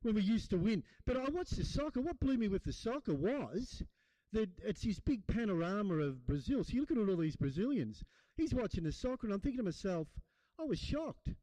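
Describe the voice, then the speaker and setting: A middle-aged Australian man doing stand-up, rambling and blokey as he chats to the crowd. His voice sits high for a man and sounds close and dry, with no room around it. He talks in loose asides and rough, matey jokes. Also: sing-song, a little fast, dark tone, no echo, poor audio. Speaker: stand-up comedian. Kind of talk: stand-up comedy set. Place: comedy gig in a hall.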